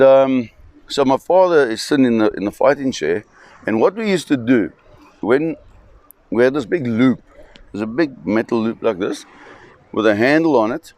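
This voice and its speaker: A man telling a spoken anecdote, animated, with fillers and restarts. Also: medium pitch, no room sound.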